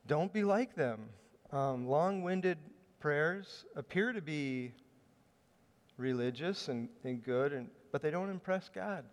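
This preacher's voice runs on the high side, and he speaks slowly, his sermon carrying a long hall reverb. He narrates the story in a conversational way, hesitating slightly here and there.

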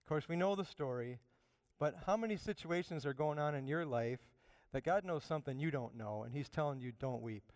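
A man preaching a sermon, animated, swinging from loud emphatic bursts down to quiet asides. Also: on the high side, fairly quick, no room sound, studio quality. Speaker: pastor.

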